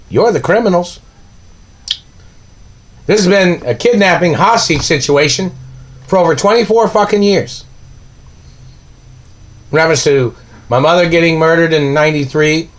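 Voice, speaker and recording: A man delivering an angry, accusing monologue, ranting and firing off repeated questions. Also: on the high side.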